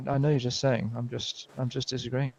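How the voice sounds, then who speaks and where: Man, British accent, reporter role-play, dry teasing, fast, dull lo-fi audio. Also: medium pitch, level tone, gravelly, darkish tone, a little hiss or hum. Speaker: news reporter character.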